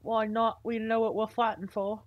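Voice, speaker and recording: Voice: medium pitch, flat delivery, normal speed, no room sound, lo-fi sound. A young gamer playing with a friend, calling out targets and teasing in put-on British slang. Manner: jokey mock-British slang, bossy callouts. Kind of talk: casual gameplay banter.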